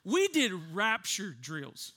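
Brief: male preacher, very high bright voice, lively comic storytelling from the pulpit. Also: takes it slowly. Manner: animated, laughs often, acts out voices.

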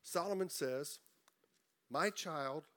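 A middle-aged man preaching a sermon in a conversational way, repeating words and slowing down for emphasis. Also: on the high side, fairly bright tone. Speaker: pastor.

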